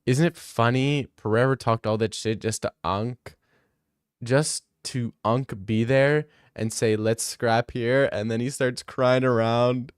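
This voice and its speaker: A man's voice: mid-range voice, steady tone, a little slow, clear, resonant tone, no room sound, clean studio sound. A young man talking casually as a streamer, joking and rambling with a lot of slang. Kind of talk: casual chat.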